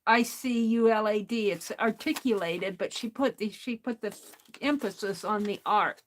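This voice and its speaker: Slow-talking chatty woman crafter. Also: a little high, expressive. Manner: chatty, talks to herself while working, laughs often. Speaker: craft livestream host. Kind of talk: casual craft vlog, opening mail on camera.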